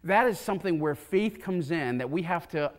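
A pastor preaches in a church, his voice sitting a little higher than most men's. He tells the scripture story with feeling and acts out the voices of the people in it. He speaks into a pulpit microphone. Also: moderate pace. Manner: animated storytelling, acting out quoted voices. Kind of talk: sermon. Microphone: pulpit mic.

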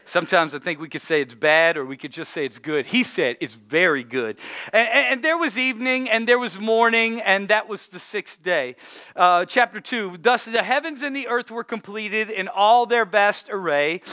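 A man in his thirties preaching a playful, jokey sermon as a pastor, drawing the congregation into call-and-response and acting out shouting at his young kids. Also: high-pitched, clean tone.

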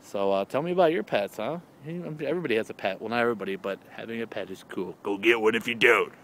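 A man rambles through a casual vlog recorded outside in his yard. His talk is loose and goofy, and now and then his voice jumps up high and excited when he calls to his cat. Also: fast talker, a little hiss or hum. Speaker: vlogger. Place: outdoors in a yard.

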